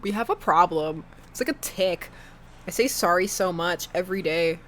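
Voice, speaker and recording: A woman's voice: lowish voice, normal speed, fairly bright tone, a little hiss or hum. A woman from Canada chatting and joking at herself while streaming a game. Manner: chatty, self-mocking, laughs often. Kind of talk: let's play commentary.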